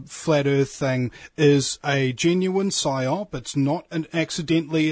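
A man's voice: on the high side, a little mellow, slightly rough, no room sound. A man hosting a casual discussion, asking leading questions in a wry way.

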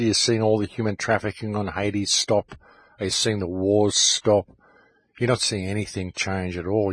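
Here a middle-aged man running a radio show delivers a heated, urgent monologue aimed directly at his audience. His fairly low voice carries a breathy quality, and there's no room sound at all.

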